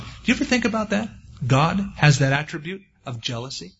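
Preacher man telling a bible story folksy, higher voice, dull old recording. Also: a little fast, husky. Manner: folksy storytelling, acts out quotes with lively swings. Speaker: pastor. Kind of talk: sermon.

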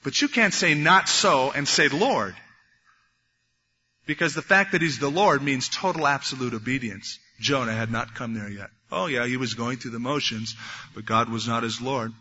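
A man preaching a sermon, animated, acting out the voices of biblical figures as he goes. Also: medium pitch, normal speed, husky. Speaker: pastor. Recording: dull lo-fi recording in a reverberant hall.

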